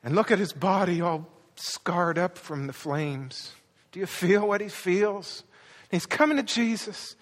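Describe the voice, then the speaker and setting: A man's voice: high voice, animated, measured pace. Impassioned preacher man in a reverberant hall. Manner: impassioned, acts out quoted lines with rising intensity. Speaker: pastor. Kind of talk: sermon.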